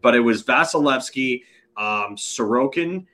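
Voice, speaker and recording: Co-hosting a hockey podcast, this man speaks at a medium pitch with an expressive, unhurried delivery and a bright, forceful tone. As a hockey analyst in casual sports chat, he offers opinionated takes and occasionally stumbles over his words.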